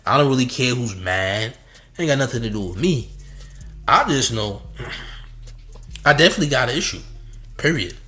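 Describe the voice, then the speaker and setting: A man's voice: medium pitch, expressive, normal speed, pauses often, sharp tone. A man hosting a reaction commentary, mocking and slangy, laughing often between remarks. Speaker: commentary host.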